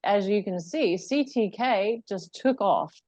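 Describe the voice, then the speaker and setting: A woman co-hosting a livestream, briskly running through the weekly numbers. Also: mid-range voice, lively intonation, darkish tone, no echo. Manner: brisk and upbeat, listing figures. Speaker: co-host presenting weekly results. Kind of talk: casual livestream update. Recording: dull, dry lo-fi sound.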